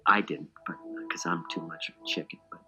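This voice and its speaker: A man's voice: sits low, steady tone, fairly quick, pushed and bright, faint music behind. A man interviewed in a documentary, recalling a film shoot in a reflective way.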